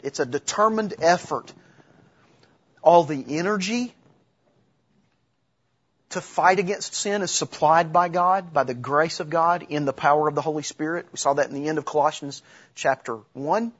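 A man's voice: on the high side, normal speed, fairly bright tone, slightly rough, lo-fi sound. A middle-aged man preaching a sermon in a conversational way, with restarts, asides and humor. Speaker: pastor.

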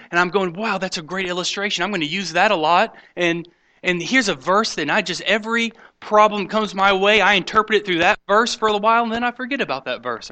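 Bright-voiced man preaching a sermon. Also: high-pitched. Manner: swings from loud emphatic points to quiet, hushed asides; conversational, mocking skeptics in quoted voices. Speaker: pastor.

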